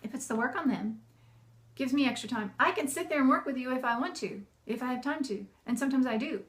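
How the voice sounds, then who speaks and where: A chatty woman in a casual talk to camera, with a voice that sits a little high. She is animated and laughs often, slipping into bossy and cheerful parent voices as she talks through her tips as a homeschooling mom. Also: fast talker.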